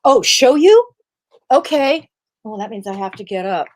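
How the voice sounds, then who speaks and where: Woman guest, lively storyteller, slips into quoted voices, video-call interview. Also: on the high side, moderate pace. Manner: animated, acts out quoted voices. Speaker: actress guest.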